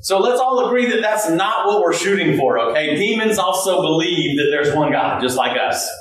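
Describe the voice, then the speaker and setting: Pastor guy preaching, high voice, shouts a lot, super echoey church hall, kinda far off. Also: moderate pace. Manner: animated, shouting bursts, laughing asides. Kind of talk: sermon.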